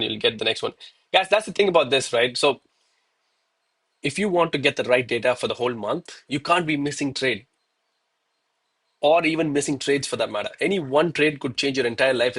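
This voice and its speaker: A man's voice: mid-range voice, a bit bright, husky. A man from South India, commenting live on his trades and scolding himself in a casual, exasperated way. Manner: self-critical and exasperated, peppers talk with "bro" and "man". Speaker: live-streaming gold trader. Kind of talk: live trading stream commentary.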